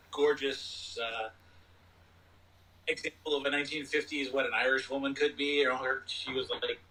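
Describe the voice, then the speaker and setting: A man's voice: mid-range voice, bright, forceful tone, recorded from a distance, rough recording. A man co-hosting a podcast, chatting casually about movies, rambling and dropping "you know" often. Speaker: podcast co-host. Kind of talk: casual movie review chat.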